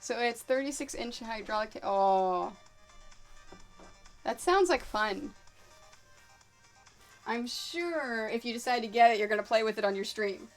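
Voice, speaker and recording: A quilting streamer with a blend of American and Canadian accents chats casually with viewers while working in her home sewing studio, scattered and talkative, addressing both chat and her dogs. Her voice is fairly high and unhurried, with long pauses and faint music behind.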